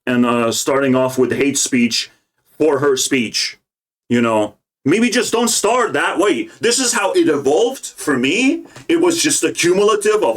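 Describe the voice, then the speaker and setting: A young man delivers a heated, profanity-laced political rant, agitated and scornful as he reacts to what he is watching. His voice sits a little higher than most men's. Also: lively intonation, a little slow. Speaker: political commentator. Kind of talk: ranting reaction commentary.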